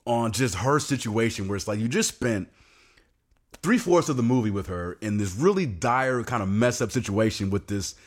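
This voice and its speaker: A man co-hosting a podcast, chatting casually and getting animated and excited, with some swearing. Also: fairly low pitch, normal speed. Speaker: podcast co-host. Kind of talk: casual chat.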